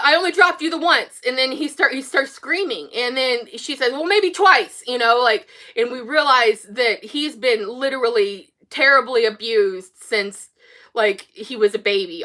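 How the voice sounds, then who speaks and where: A woman's voice: a little high, pushed and bright. A woman hosting a casual film commentary, retelling movie scenes in a rambling, earnest way with many fillers and restarts. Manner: earnest and emotionally invested. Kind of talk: casual spoken film analysis.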